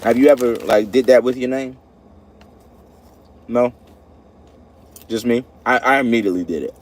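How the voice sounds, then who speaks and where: Parked at a store pickup, a livestream host chats casually with viewers from his car, laughing often and answering comments as they arrive. His voice is medium-pitched at a moderate pace, with slight background noise.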